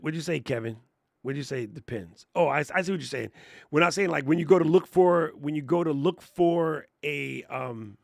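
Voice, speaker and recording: A man hosting a casual livestream class on thumbnails, telling stories in slangy, animated talk and laughing often. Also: on the high side, vocal fry, no echo, studio quality. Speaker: host and content coach. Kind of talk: casual livestream teaching chat.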